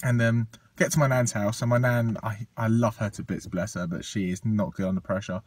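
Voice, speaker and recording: A young man recounts a wild story in casual chat, acting out what everyone said and cursing as he goes. His voice is slightly husky, and the sound is dry and close. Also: lowish voice, brisk, no room sound. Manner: animated anecdote, acts out quotes, swears freely.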